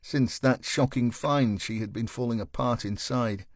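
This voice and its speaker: A man narrating a thriller audiobook in a measured, even way. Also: mid-range voice, no echo, studio quality.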